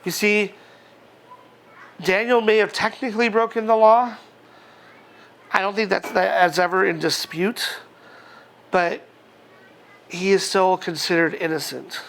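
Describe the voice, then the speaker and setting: A male pastor giving a relaxed, chatty sermon, reading scripture aloud and chuckling between thoughts. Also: high-pitched, a little slow, gravelly, pauses often.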